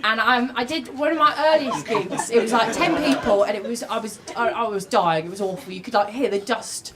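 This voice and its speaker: A woman's voice: fairly high pitch, fairly quick. A woman doing a rambling, self-deprecating stand-up set on a comedy club stage, recorded live. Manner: rambling, self-deprecating, with many ums and asides. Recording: live club recording with loud crowd and noise.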